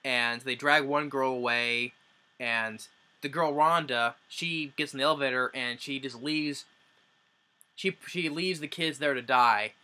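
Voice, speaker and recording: A man talks through a film's plot in a loose, rambling way, doubling back and restarting his sentences as he goes. His voice is bright and forceful, sitting at an ordinary middle pitch. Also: a little slow. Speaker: movie reviewer. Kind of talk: casual plot recap.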